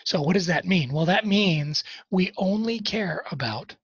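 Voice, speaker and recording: A male math instructor, high-pitched and husky, works through problems in a recorded college lecture at a measured pace with lively intonation. He keeps it conversational, dropping wry, self-deprecating asides. The recording is muffled, with no echo.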